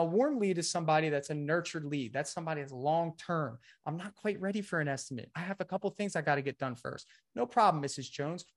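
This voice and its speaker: Man, somewhat high voice, energetic webinar presenter, slightly winded, coaching style. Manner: energetic, repeats "okay" and "guys". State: a bit winded. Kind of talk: live webinar sales presentation.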